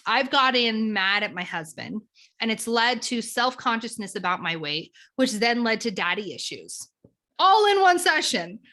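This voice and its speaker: A woman guest talks through a tapping method in a relaxed, teaching tone. Her voice sits a bit high and sounds bright and clear. She is animated and slips into little acted snippets to show her point, with a lot of rise and fall. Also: normal speed. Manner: animated, acts out examples of inner talk. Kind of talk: conversational teaching.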